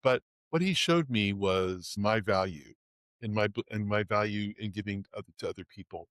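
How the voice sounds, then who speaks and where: A middle-aged man from the Bay Area who plays Santa, telling stories in a casual fireside chat, halting and emotional, with many restarts. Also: on the low side, a bit bright, no echo. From Bay Area, California. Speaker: Santa performer, host.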